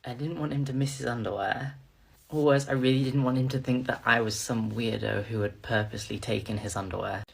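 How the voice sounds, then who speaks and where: A man's voice: mid-range voice, fairly even intonation, fairly quick, creaky, slightly rough. A man telling a self-conscious storytime in a confiding way. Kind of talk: storytime narration.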